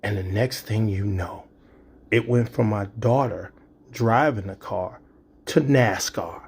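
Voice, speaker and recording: A man's voice: fairly low pitch, slow, breathy edge. Man telling a story with sound effects. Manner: vivid, with sound effects and quoted dialogue. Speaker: storyteller and poet. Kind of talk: spoken-word storytelling.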